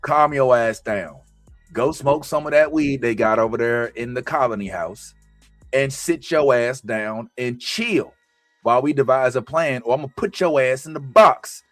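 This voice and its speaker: A man putting on a furious, swearing middle-aged man from a TV show, who yells and then turns menacingly calm. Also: mid-range voice, moderate pace, no room sound, faint music behind, natural voice.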